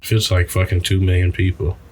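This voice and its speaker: A man's voice: sits low, flat delivery, fairly quick, a little hiss or hum. A young man co-hosting a podcast, chatting casually, crude and joking with frequent laughter. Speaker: podcast co-host. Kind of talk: casual chat.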